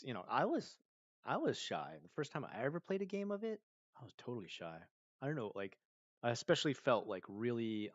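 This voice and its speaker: A man's voice: on the low side, no echo, lo-fi sound. Chatty man telling a rambling story. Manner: rambling, animated, many fillers, acts out quotes. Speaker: streamer answering viewer questions. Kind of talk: casual storytelling chat.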